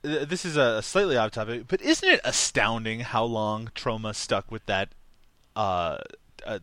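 A man's voice: lowish voice, animated, a little slow, a bit bright, no echo. A man co-hosting a casual movie podcast, recapping scenes and laughing often. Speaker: podcast co-host. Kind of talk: casual movie-review chat.

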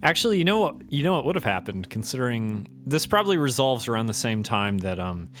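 A man running a tabletop game, chuckling often as he narrates in a loose, rambling way. His voice sits in a middle pitch, with soft music playing behind him. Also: big pitch swings, fast talker. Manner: laughing, rambling with many fillers. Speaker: game master.

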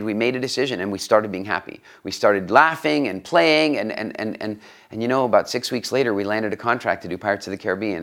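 Reflective middle-aged man, lowish voice. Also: fairly bright tone. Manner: reflective, repeats words while searching for the next thought. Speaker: guest, studio owner. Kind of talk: conversational interview storytelling.

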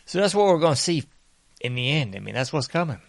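A man hosting a commentary show, talking in a sarcastic monologue that mocks bystanders and swings from loud to hushed. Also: fairly high pitch, sing-song, fast talker, vocal fry, no room sound. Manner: sarcastic, mocking mimicry of bystanders; varies loudness a lot, sometimes dropping to whispers. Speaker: political commentary host.

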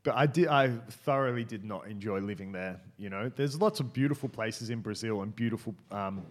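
A man's voice: on the low side, brisk. A man telling a story in casual podcast chat, rambling with many fillers and restarts.

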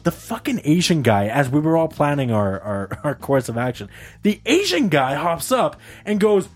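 A young man on a casual podcast, telling a story in an animated way and laughing often. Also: moderate pace, faint music behind. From Canada. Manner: animated storyteller, jumps high for quoted voices, laughs often. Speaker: podcast co-host.

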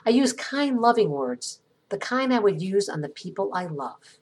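A middle-aged woman from the United States hosting an inspirational podcast, reading a gentle, earnest script with reflective pauses. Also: medium pitch, sing-song, husky. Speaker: podcast host.

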